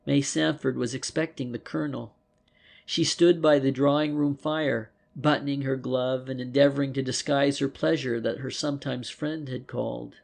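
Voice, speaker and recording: A man reading a detective novel aloud as an audiobook narrator, with measured storytelling. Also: mid-range voice, fairly even intonation, vocal fry, a little mellow. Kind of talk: scripted narration.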